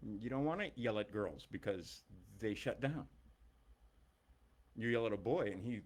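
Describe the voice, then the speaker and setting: Animated middle-aged man ranting. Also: on the low side, unhurried. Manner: emphatic, blunt and profane. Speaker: teacher. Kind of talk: ranting monologue.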